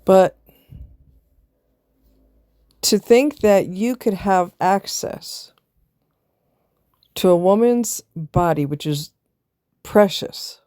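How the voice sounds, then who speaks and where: A woman's voice: mid-range voice, expressive, extremely slow, long pauses, warm tone, clear, resonant tone, no room sound, clean studio sound. A woman vlogger giving blunt, preachy casual commentary, firing off rhetorical questions and answering them herself.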